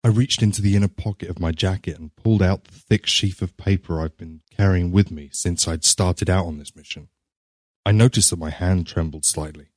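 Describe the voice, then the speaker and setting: A man narrating a short story in a measured, scripted reading. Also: low-pitched, darkish tone, no room sound, clean studio sound.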